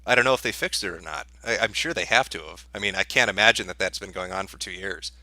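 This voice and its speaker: A man's voice: low-pitched, fast, sharp tone, no room sound. A man answering viewer questions on a livestream in a sarcastic, profane, dismissive rant.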